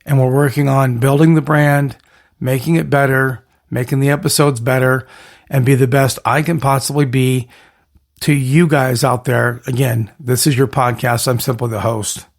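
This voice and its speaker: A man hosting his own podcast, rambling through an energetic monologue full of catchphrase lists and restarts. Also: mid-range voice, normal speed, vocal fry. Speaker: podcast host.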